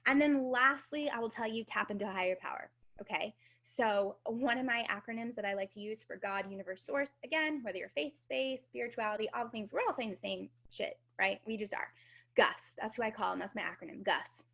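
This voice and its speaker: A woman's voice: on the high side, brisk, creaky, fairly bright tone. A woman, likely in her thirties, giving a casual, upbeat motivational talk on a video team call, swearing now and then. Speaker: guest speaker.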